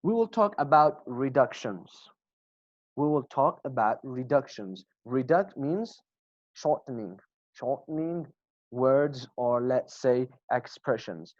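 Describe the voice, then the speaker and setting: A man teaching an English class online, slowly repeating example phrases and asking students questions. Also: medium pitch, expressive, dry recording. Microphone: video call. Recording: dull lo-fi video call audio.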